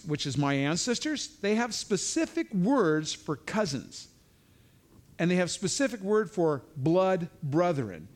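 A man giving an informal verse-by-verse Bible teaching, talking conversationally with frequent asides and restarts. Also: on the high side.

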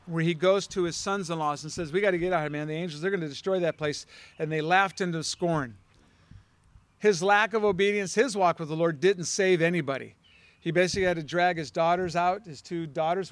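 A man's voice: a little high, a bit bright, no room sound. A man teaching a Bible study in a conversational way, putting questions to his listeners.

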